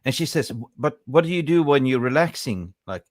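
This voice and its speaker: A man's voice: medium pitch, expressive, brisk, no room sound, clean studio sound. A man hosting a casual football podcast, chatty and jokey, greeting viewers by name. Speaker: podcast host. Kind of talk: casual live-stream football chat.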